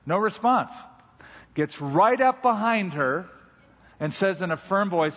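A pastor giving a sermon, unhurried and conversational, easing into stories about daily life. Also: male voice, high voice, a bit bright, a little hiss or hum. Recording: dull recording with long hall reverb.

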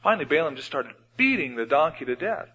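A man's voice: a little high, sing-song, fast talker, breathy edge. Male pastor preaching, storytelling style, lo-fi radio sound, big church reverb. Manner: storytelling, acts out Bible scenes with shifts in loudness. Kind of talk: sermon. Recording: dull radio broadcast with long hall reverb.

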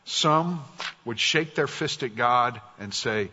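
A man preaching a sermon as a guest speaker. He talks in a conversational, wry way and drops soft and low for quoted prayers. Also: expressive, slow pace, husky. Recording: dull, echoey church hall.

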